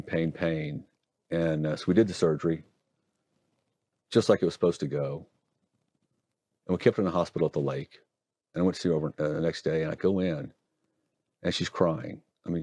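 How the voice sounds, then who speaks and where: A middle-aged man from Oregon, a hand surgeon telling stories and explaining procedures in a folksy, animated interview manner. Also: deep voice, brisk, long pauses, no room sound. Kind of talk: conversational interview storytelling.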